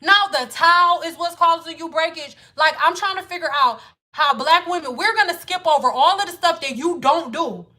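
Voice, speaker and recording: A woman's voice: very high-pitched, normal speed, bright, forceful tone. A woman hair care educator talking to viewers on a casual livestream, blunt and exasperated, with a lot of swearing. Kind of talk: casual livestream lesson and rant.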